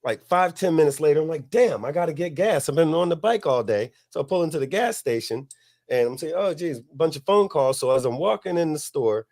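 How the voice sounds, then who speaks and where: A middle-aged man, hosting a podcast and telling a long, profane story in a relaxed way, laughing as he goes. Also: on the high side, fairly quick. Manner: laid-back, profane, laughs at his own story. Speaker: podcast host. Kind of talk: casual storytelling.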